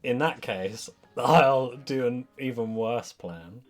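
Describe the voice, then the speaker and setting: A man's voice: mid-range voice, slow pace, soft background music. A man playing a tabletop game, scheming and swearing with a joking tone. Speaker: player.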